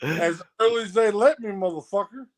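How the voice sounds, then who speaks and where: A man's voice: high-pitched, fairly quick. Man, casual profane banter, rambling and hesitant delivery. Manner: rambling, swears a lot, hesitant.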